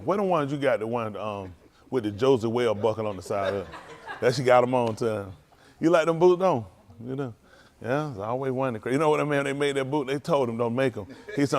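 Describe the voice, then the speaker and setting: A man's voice: mid-range voice, brisk. A man, a pastor making folksy, teasing small talk with his congregation in a loose call-and-response way before the service. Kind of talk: informal pre-sermon banter with congregation. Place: congregation hall.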